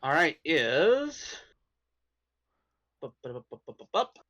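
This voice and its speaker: A man acting as dungeon master who narrates and explains rules in a casual, halting way. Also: fairly high pitch, sing-song, fairly bright tone.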